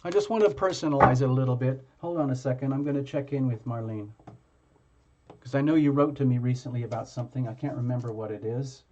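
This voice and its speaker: A man hosting a live tarot reading stream, chatting casually with viewers in a halting way, full of fillers and restarts. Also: medium pitch, darkish tone, highs cut off, slight background noise.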